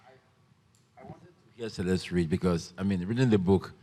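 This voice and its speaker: A man from Nigeria moderating a book panel, asking questions haltingly with many fillers and restarts. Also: deep voice, warm tone. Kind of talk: panel interview. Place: festival stage. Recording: long hall reverb.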